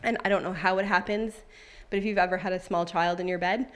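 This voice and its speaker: A woman's voice: fairly low pitch, fairly even intonation, quick pace, fairly bright tone. Heartfelt woman giving a church testimony. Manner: conversational and heartfelt, with many fillers. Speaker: church member sharing a testimony and reading scripture. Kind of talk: personal testimony to a congregation. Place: church service.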